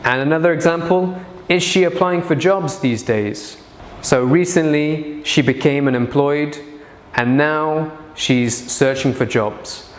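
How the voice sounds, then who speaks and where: A man teaching an English grammar lesson, speaking slowly and deliberately and repeating his example sentences. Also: a little high, reverberant.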